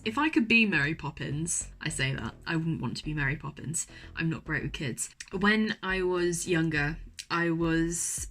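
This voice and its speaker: A woman's voice: low voice, moderate pace, a bit bright. A young woman in casual chat to camera, gushing and enthusiastic, often repeating herself, speaking from her university bedroom. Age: young adult. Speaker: vlogger.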